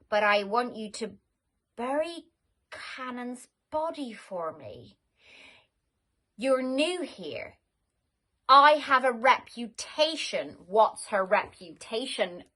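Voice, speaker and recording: A menacing widow who gives cold orders in a slow, hushed drawl, as a woman puts her on. The voice is high and bright. She sounds like a scheming figure in a comic audio story. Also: heavily acted.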